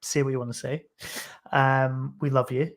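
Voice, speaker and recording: A man's voice: medium pitch, flat delivery, moderate pace. A man hosting a live podcast in casual chat, jokey and rambling, with mild swearing. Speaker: podcast host.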